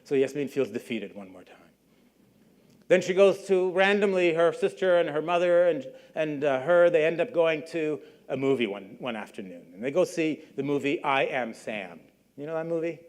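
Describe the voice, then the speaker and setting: A middle-aged man with a fairly high voice gives a public lecture. He tells a story in a loose, conversational way and slips into the voices of the people he quotes. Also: lively intonation, moderate pace. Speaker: guest lecturer.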